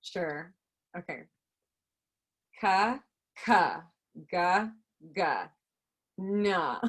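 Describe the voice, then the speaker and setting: A woman student on a video call, quietly and slowly working through pronunciation drills. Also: on the low side, lively intonation. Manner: very slow, quiet sound drills.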